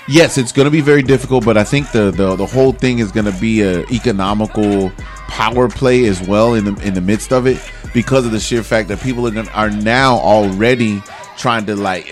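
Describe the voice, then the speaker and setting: A man's voice: lowish voice, steady tone, normal speed, soft background music. A man from the United States co-hosting a radio chat show, opinionated and emphatic, reading news aloud between casual talk.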